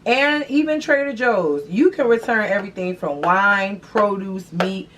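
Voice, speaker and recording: A young adult woman hosting a vlog, talking in an animated, profane, slangy way. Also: mid-range voice, unhurried. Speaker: vlog host. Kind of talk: casual chat to camera. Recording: distant mic, faint background noise.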